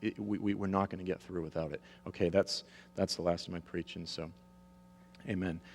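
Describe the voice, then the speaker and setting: A man's voice: low voice, fairly even intonation, a little fast, a little hiss or hum. A man in his thirties or forties preaching a sermon emphatically, checking the audience's agreement, in a large hall with long reverb. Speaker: preacher and author.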